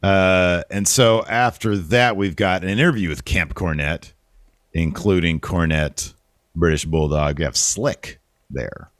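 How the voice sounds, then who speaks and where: A man co-hosting a casual wrestling review podcast, joking and talking in an animated way. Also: a little slow, dry recording, studio quality. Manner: animated, jokey, jumps into higher pitch for emphasis. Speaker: podcast co-host.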